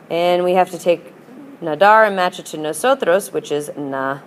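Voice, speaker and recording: A woman's voice: lowish voice, lively intonation, moderate pace, a little hiss or hum. A woman teacher explaining grammar in a patient, upbeat lesson and modelling example phrases for students. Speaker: Spanish teacher. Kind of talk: recorded classroom lesson.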